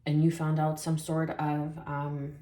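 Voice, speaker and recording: A woman giving a spiritual tarot reading in a soft, reflective way, often repeating phrases for emphasis. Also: low-pitched, monotone, measured pace, roomy sound. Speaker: tarot reader.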